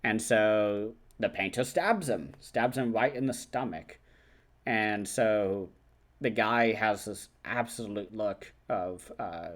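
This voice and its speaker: Chatty man recapping a film, slightly low. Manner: loose, chatty retelling with many fillers; acts out characters' lines in quick asides. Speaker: film review channel host. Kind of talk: casual film recap and review.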